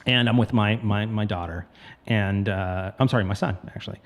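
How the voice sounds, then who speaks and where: A man's voice: lowish voice, fairly even intonation, normal speed. A man from the United States hosts a casual real estate podcast. He tells stories in a rambling, self-interrupting way. When he vents, his talk grows heated and emphatic. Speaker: podcast host, realtor.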